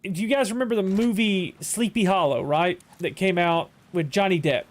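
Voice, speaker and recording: A man's voice: sits high, moderate pace. A male streamer chatting casually while playing a game, telling rambling stories with frequent restarts. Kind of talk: casual chat while gaming.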